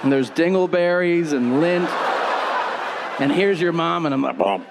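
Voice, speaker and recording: A male comic tells a crude story slowly and deliberately, his voice high and gravelly. Loud crowd noise surrounds him. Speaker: stand-up comedian. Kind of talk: stand-up storytelling.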